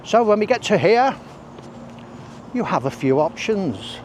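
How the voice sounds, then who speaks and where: A man's voice: high-pitched, big pitch swings, unhurried. Chatty man, breathing heavily outdoors. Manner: chatty, rambling, self-deprecating asides. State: heavy breathing while walking. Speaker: walking vlogger. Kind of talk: casual walk-and-talk narration. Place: outdoors on roads and country paths. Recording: outdoor noise while walking.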